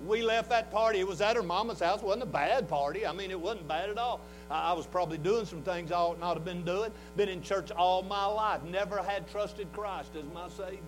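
A man in his sixties with a Southern US accent, preaching a fervent revival sermon in a folksy way that swings from hushed talk to shouting. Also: high voice, brisk, few pauses, slight background noise, rough recording. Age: 60s.

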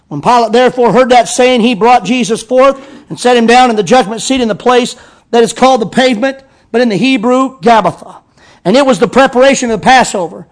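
A man preaching a sermon as pastor, reading scripture slowly and with emphasis. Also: extremely high pitch.

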